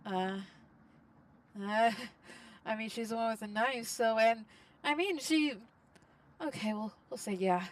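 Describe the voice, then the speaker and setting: A woman playing a game and commenting out loud, reacting in an animated, exclamatory way. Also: fairly high pitch, takes it slowly, distant mic. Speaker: game streamer. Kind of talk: let's play commentary.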